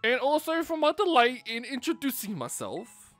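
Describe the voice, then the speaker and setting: A man's voice: extremely high pitch, huge pitch swings, normal speed, a bit bright, dry recording, soft background music, voice pushed up, exaggerated voice. A man reading aloud the lines of a formal, polite male academy director in a video game, in a courteous, apologetic way.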